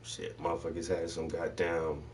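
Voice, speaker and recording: Man, casual chat host, lowish voice, profane and loose, a bit off-mic. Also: flat delivery, moderate pace, far from the mic, a little hiss or hum. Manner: loose, swearing storyteller voicing people in his stories.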